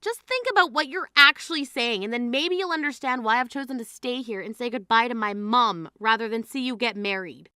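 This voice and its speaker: A woman's voice: fairly high pitch, brisk, hardly any pauses, sharp tone, clear, resonant tone, no room sound, studio quality. A woman voicing a grieving adult sister who scolds her sibling in an exasperated, indignant way, in a dramatized text-message story.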